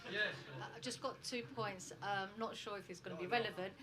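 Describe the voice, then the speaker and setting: A woman in the audience asking a question hesitantly, pausing with fillers. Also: medium pitch, a crowd in the background.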